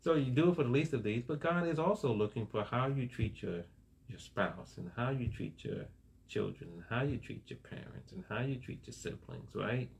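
A man's voice: medium pitch, moderate pace, gravelly. A man preaching a sermon in a casual, conversational way, often asking "right?" and laughing along with listeners. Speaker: pastor.

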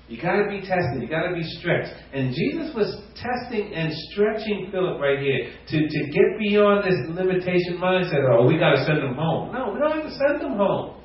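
A man preaching a sermon, animated, acting out quotes and rising to near shouts. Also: high-pitched. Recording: echoey room, distant mic, muffled.

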